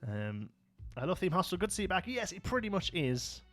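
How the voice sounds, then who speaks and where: This Birmingham, England streamer has a Brummie accent and a high, fairly bright voice with big pitch swings, talking fairly quickly over faint background music. He hosts live gameplay in a chatty, casual way, often laughing and answering viewer comments.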